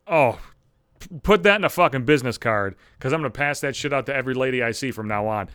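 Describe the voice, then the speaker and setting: A man's voice: medium pitch, lively intonation, fast, a bit bright, smooth, no echo, clean studio sound. A man in his thirties from the Buffalo area hosting a podcast, ranting in a profane, exasperated and sarcastic casual monologue. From Buffalo area, USA. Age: 30s. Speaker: podcast host.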